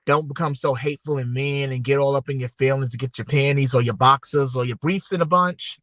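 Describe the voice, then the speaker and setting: A man's voice: mid-range voice, steady tone, a little fast, a bit bright, dry recording. A man co-hosting a podcast livestream, talking casually and rambling straight to his viewers. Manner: laid-back, rambling, talks straight to viewers. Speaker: podcast co-host.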